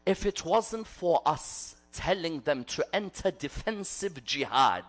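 A man giving a religious sermon in a gathering hall, telling stories dramatically and swinging between loud declarations and hushed asides. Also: fairly high pitch, big pitch swings, unhurried, hardly any pauses. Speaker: preacher.

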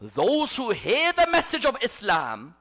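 A man giving a religious sermon in a gathering hall, telling stories dramatically and swinging between loud declarations and hushed asides. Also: very high-pitched, huge pitch swings, a little slow. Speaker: preacher.

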